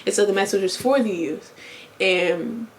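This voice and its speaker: A woman's voice: medium pitch, normal speed, slight background noise. A woman in her twenties telling a long story to camera in a casual vlog, rambling and correcting herself, with lots of fillers. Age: 20s. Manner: rambling, chatty, self-correcting, many fillers. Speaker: vlogger. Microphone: compact camera on-board mic.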